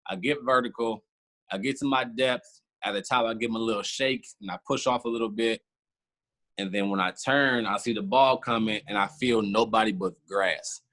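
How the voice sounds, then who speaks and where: A man's voice: on the low side, moderate pace, bright, forceful tone. A man, casually telling a long story as a podcast guest and acting out his own past reactions. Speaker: former football player, guest.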